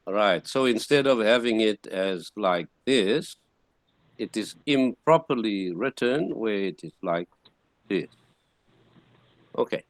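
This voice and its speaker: Slow, patient man teaching. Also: fairly low pitch, lively intonation, no room sound. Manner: slow, patient explaining with frequent restarts. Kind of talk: classroom lecture.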